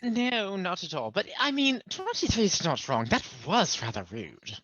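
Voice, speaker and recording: A man's voice: high voice, wildly swooping pitch, moderate pace, a bit bright, dull audio. A man playing in a tabletop game, joking and theatrical in casual banter. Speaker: player.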